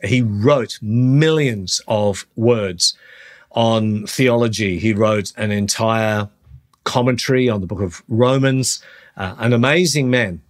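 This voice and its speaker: A middle-aged man hosting a podcast, talking earnestly through a Bible teaching and slowing down on the points he wants to stress. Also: fairly low pitch. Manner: earnest, slows down on key phrases. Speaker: podcast host, Christian teacher.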